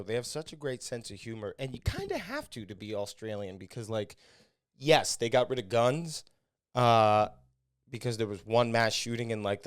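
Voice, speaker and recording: A man's voice: medium pitch, clear, resonant tone, no room sound, studio quality. A man hosting his own podcast, rambling crudely and mocking himself between voicemails. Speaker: podcast host and comedian. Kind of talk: casual podcast monologue. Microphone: studio podcast mic.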